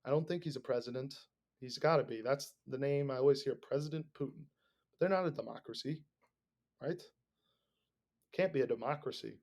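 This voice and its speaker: A man's voice: medium pitch, a little fast, vocal fry, pauses often, a little mellow. A man hosting a podcast, ranting casually in a rambling, sarcastic, profane way. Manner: rambling, sarcastic, swears a lot. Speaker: podcast host.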